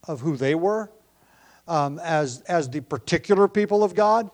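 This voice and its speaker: A man's voice: a little high, animated, unhurried. A man preaching a sermon as pastor, thinking aloud with frequent fillers and restarts. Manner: prays in a hushed, quieter voice.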